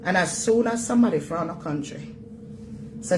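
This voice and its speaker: A woman's voice: lowish voice, lively intonation, moderate pace, pauses often, noisy background. A Jamaican woman hosting a vlog, scolding and emphatic in her Jamaican Patois, repeating her points as she rants. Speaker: vlog host. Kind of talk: ranting commentary.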